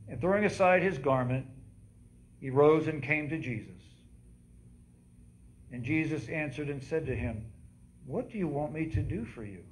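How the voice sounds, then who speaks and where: This pastor, speaking at medium pitch, preaches to his congregation in a church sanctuary, quizzing them and theatrically repeating the scripture story's cries. There's slight background noise.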